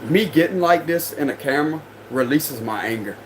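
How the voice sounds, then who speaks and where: A man's voice: a little high, animated, normal speed, slight background noise, poor audio. A young man reading tarot on a livestream, ranting in a heated, confrontational, slangy way. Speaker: tarot reader. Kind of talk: livestream rant.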